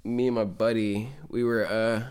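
A man telling an anecdote in relaxed, rambling casual chat. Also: on the low side, moderate pace, clear, resonant tone. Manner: laid-back, rambling, casual storyteller. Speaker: chat partner.

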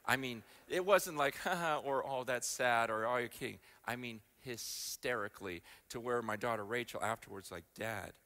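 An American man telling a story in a sermon, animated, his voice climbing high and loud when he gets excited. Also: normal speed, hardly any pauses. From United States. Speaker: guest speaker.

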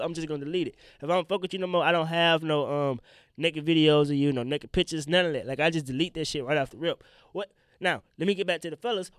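A man's voice: fairly high pitch, fairly bright tone, smooth, no echo, clean studio sound. A young man hosting his own podcast, ranting bluntly and profanely in a rambling way, a little congested from allergies. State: sick, congested from pollen. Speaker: podcast host and stand-up comedian. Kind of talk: solo podcast rant.

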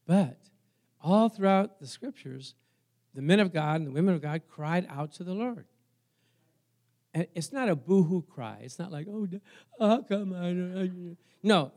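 A man with a somewhat high voice preaches to his congregation in a relaxed, conversational way. He asks for amens and moves between quiet asides and sudden loud cries. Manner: swings from soft asides to loud exclamations. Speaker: pastor. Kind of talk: sermon.

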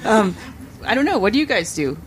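Woman panelist, mid-pitched, measured and sincere, faint hiss behind her. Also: big pitch swings, poor audio. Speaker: author on a panel. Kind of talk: panel discussion, reading a quote.

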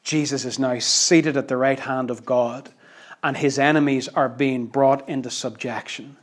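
A man preaching a sermon with emphatic, dynamic delivery that swings between loud declarations and hushed asides, conversational and lightly humorous. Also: medium pitch, fairly even intonation, unhurried.

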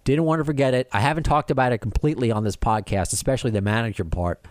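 A man's voice: mid-range voice, fast, dry recording. A middle-aged man, a podcast host, telling a rambling story in casual chat, full of restarts and acted-out quotes. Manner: animated, rambling with many restarts and quoted dialogue.

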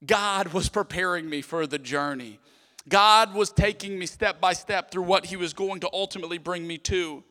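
A man preaches to his congregation, his voice bright and somewhat high. He talks in a lively, conversational way, throwing in quick "okay?" asides. The sound carries a long reverb from a large hall. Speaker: pastor. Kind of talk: sermon.

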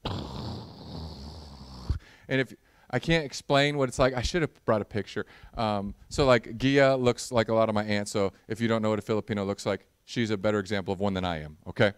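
A man's voice: on the low side, normal speed, smooth, no echo. A man in the role of pastor, preaching a conversational sermon that mixes humorous storytelling with earnest prayer.

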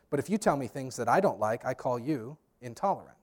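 A man's voice: mid-range voice, animated, a little fast, darkish tone. A man preaching a sermon as pastor. He speaks emphatically, addresses the congregation directly and drops in humorous storytelling asides.

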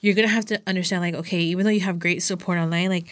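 A woman's voice: lowish voice, fairly even intonation, racing, no room sound. A young adult woman chatting as a podcast guest, rambling loosely with lots of filler words between thoughts. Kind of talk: casual chat.

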